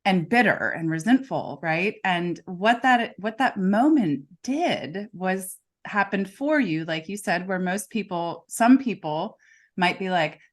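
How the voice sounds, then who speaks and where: A woman's voice: medium pitch, expressive, slow. A woman coach hosting a casual interview, emphatic and often checking in with "right?". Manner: emphatic, peppers talk with "right?". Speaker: podcast host, coach.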